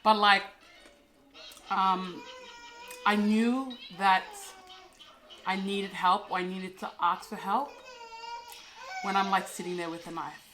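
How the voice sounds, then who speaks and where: A young woman telling a candid personal story as a podcast co-host, soft and halting with many fillers and restarts. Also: medium pitch, steady tone, a little hiss or hum.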